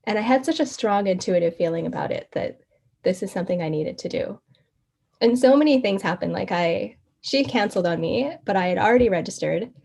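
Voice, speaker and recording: A woman guest in an interview, telling her story in a casual, animated way, laughing often and acting out the quoted exchanges. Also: mid-range voice, a little fast, gravelly.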